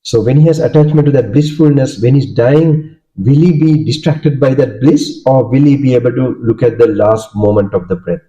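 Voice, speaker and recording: Sri Lankan monk teaching, very dark voice. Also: male voice, mid-range voice, normal speed, few pauses. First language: Sinhala. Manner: checks understanding with frequent "okay?" and "right?". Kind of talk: dharma talk with questions to listeners. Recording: dull lo-fi recording.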